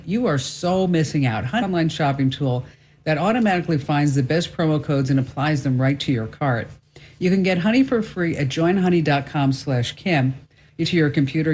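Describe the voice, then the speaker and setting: A woman's voice: sits low, darkish tone, slightly rough. Chatty woman radio host. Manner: chatty, playful, acts out little voices. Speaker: radio talk show host. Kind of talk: radio ad read and interview.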